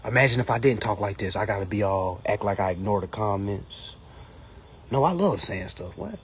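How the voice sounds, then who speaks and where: A man hosting a casual livestream, answering comments in an animated, mocking way that swings between loud jokes and low asides. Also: normal speed, slight background noise. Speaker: livestream host reading comments.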